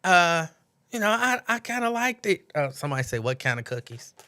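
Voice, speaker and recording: A man hosts a casual late-night livestream. His voice sits a little high, bright and forceful. He talks in loose, animated bursts and keeps repeating lines. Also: fairly quick, clean tone. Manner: animated, laughing, repeats lines, mimics others. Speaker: host.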